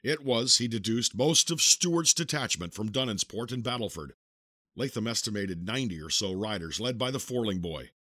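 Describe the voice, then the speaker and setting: A man narrating an audiobook in a steady, measured storytelling manner, recorded close to the mic. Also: fairly low pitch, no room sound.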